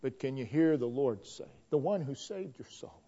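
A man preaching a sermon, slow and emphatic, repeating a refrain and swinging between loud declarations and hushed tones. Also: medium pitch, lively intonation, husky. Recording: dull lo-fi recording.

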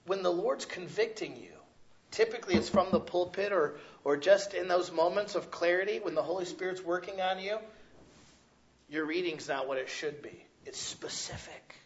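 Male pastor, sermon, loudmouth conversational delivery, slightly high voice, muffled lo-fi sound. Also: a little hiss or hum. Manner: loud, conversational preaching with frequent "right?" asides.

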